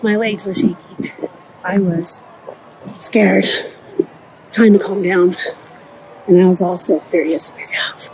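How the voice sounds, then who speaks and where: A woman's voice: on the low side, steady tone, takes it slowly, pauses often, a little mellow, low-quality recording. A middle-aged woman vlogger walking outdoors and telling a personal story, vivid and breathless. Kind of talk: storytime narration. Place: outdoors on a city street near a cemetery. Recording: street noise with passing traffic.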